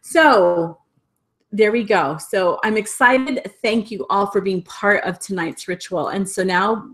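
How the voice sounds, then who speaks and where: A woman leading a livestreamed spiritual ritual, gushing and enthusiastic, later slowing into a soft guided meditation. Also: medium pitch. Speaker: spiritual circle leader.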